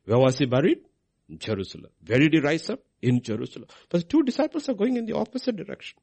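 A man's voice: on the high side, big pitch swings, fast talker, creaky, darkish tone, slightly rough. A man preaching a sermon, asking his listeners questions and answering them himself.

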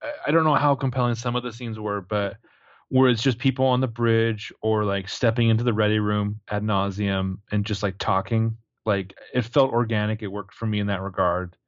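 A man co-hosting a podcast in casual chat, chatty and quick to laugh. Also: on the low side, fairly even intonation, dry recording, muffled recording. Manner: chatty, laughs easily, jokey voices. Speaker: podcast co-host.

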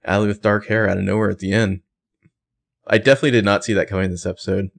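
A man with a very low, gravelly voice, talking casually on a podcast. He tosses out theories about a show and hedges them with fillers as he goes. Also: level tone, fast talker. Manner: chatty, speculative, hedging with fillers. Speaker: podcast co-host. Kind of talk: casual recap chat.

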